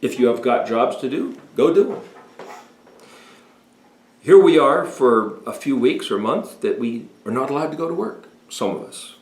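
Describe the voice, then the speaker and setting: A man in his sixties giving a deliberate, emphatic talk explaining Hebrew words as a home Bible teacher. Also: medium pitch, expressive, darkish tone. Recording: echoey room.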